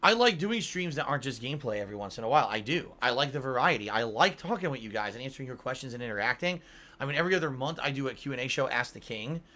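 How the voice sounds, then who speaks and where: Man, home streamer, casual rambling chat to chat, bright forceful tone, a little tired. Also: medium pitch. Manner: rambling, swears casually, reads donor messages aloud. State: yawning, tired.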